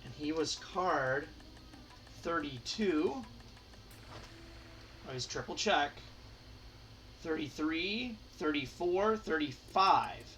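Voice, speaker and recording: A man's voice: a little high, lively intonation, takes it slowly, pauses often, a bit bright, recorded from a distance, soft background music. Chatty man counting hockey cards aloud. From Michigan, United States. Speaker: hockey card collector, channel host. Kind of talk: casual card-sorting commentary.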